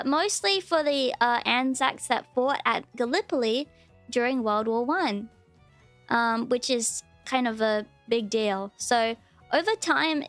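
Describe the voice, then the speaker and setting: High-voiced chatty Australian woman streamer. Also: no room sound. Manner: chatty and rambling, lots of restarts. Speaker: VTuber streamer. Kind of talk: casual livestream chat.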